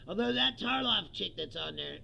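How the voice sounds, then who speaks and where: Gravelly American man ranting, laughing. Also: high voice, lively intonation, normal speed, sharp tone, dull audio, slight background noise. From United States. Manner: profane, angry ranting with frequent laughs. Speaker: comedian and show host. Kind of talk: ranting comedic commentary.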